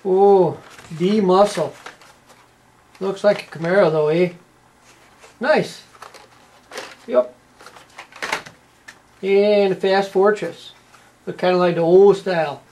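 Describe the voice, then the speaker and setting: A man's voice: high-pitched, steady tone, takes it slowly, pauses often, darkish tone, a little hiss or hum. Folksy Canadian man unboxing toy cars. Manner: folksy, rambling, tags lines with "eh". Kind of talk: casual unboxing commentary.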